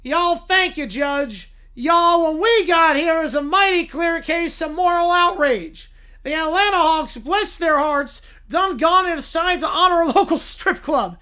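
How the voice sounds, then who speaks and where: Figure: a man playing an indignant Southern lawyer. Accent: put-on Southern US drawl. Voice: high, bright, loud and preachy. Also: measured pace, full character voice. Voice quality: booming, preachy, folksy sayings. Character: loud self-righteous Southern male lawyer, moralizing. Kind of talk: comic improvised courtroom role-play.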